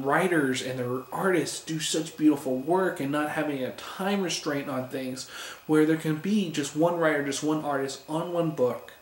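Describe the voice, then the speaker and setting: Eager man in an echoey room. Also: fairly high pitch. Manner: enthusiastic, rambling, stumbles over names. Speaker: comic book reviewer on a video channel. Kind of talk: casual spoken review.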